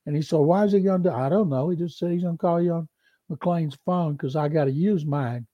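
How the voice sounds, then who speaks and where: A man co-hosting a sports podcast tells a long anecdote with gusto, slipping into other people's voices as he goes. His voice sits a little high. The sound is dry and a bit muffled. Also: a little fast, no echo. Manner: animated storyteller, mimics voices in quotes. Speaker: beat reporter and co-host.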